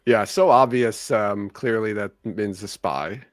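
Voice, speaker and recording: A man's voice: fairly low pitch, a little slow, dry recording, studio quality. A man chatting as a guest, easygoing and full of questions. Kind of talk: casual chat.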